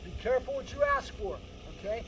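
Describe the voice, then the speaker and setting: High-voiced male dog trainer, distant mic. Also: huge pitch swings, quick pace. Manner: emphatic, lecturing, often ends points with "right?". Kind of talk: explaining dog training to owners. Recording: distant mic with faint background noise.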